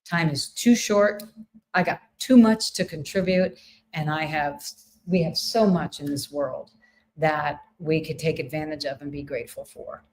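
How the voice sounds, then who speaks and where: Middle-aged lady hosting a live wellness stream, bubbly and singsongy, a bit low-pitched. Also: a little slow, slight background noise. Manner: upbeat, sing-song, playful, often laughing. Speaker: host of a live wellness session. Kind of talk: live stream talk to viewers.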